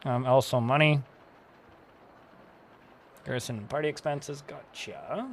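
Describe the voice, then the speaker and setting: A young man giving casual gameplay commentary, joking and rambling, thinking out loud and swearing freely. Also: mid-range voice, a little slow, gravelly, a little hiss or hum. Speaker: streamer playing a game.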